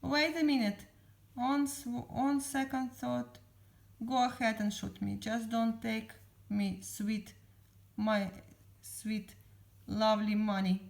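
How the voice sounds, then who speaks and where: A woman reading a storybook aloud, voicing a gruff, money-loving old sailor crab with hearty sailor talk. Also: fairly high pitch, fairly even intonation, takes it slowly.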